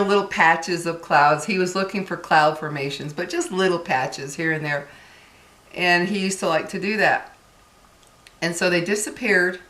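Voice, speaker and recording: A woman with a fairly low voice tells her viewers a personal story in an earnest, casual way, calling them "guys". Her voice rings with a noticeable room echo. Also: sharp tone. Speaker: vlogger. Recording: echoey room.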